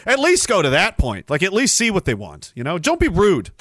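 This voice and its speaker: A man's voice: high voice, huge pitch swings, fairly quick, hardly any pauses, a bit bright, dry recording, studio quality. A young adult man hosting a podcast, ranting sarcastically with profanity and rambling asides. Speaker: podcast host. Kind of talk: casual ranting commentary.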